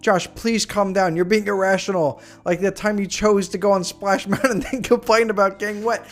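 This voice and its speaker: A man voicing a bumbling cartoon dad who pleads in a high, loud, whiny voice. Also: fairly even intonation, fairly quick, faint music behind. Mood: pleading.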